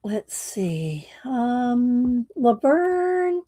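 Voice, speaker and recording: A woman, hosting a casual livestream, chatting slowly with viewers and laughing often, her voice a little croaky. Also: on the high side, big pitch swings, mellow. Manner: slow, chatty, laughs often, Southern "y'all". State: slightly croaky voice. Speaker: livestream host.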